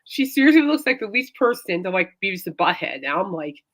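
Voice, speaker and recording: A woman's voice: mid-range voice, big pitch swings, brisk. A woman hosting a casual chat show, rambling and laughing often. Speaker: host.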